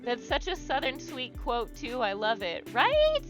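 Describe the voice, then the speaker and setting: A woman's voice: high voice, huge pitch swings, a little slow, over music. A young woman chatting casually on a livestream as she draws, rambling with many fillers and restarts and encouraging her viewers. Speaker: livestream host leading an art therapy exercise. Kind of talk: casual livestream chat while drawing.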